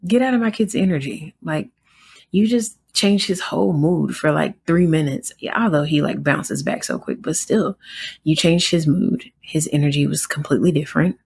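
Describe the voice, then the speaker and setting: A young woman with a Southern American accent, speaking low with a gravelly, husky edge. She talks casually, with plenty of fillers, as she tells an indignant story on her podcast. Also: normal speed. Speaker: podcast host.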